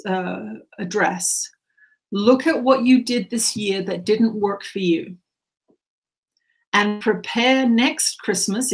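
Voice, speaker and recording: Woman doing a channeled spiritual talk, kinda creaky voice, slow repetitive earnest advice. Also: medium pitch.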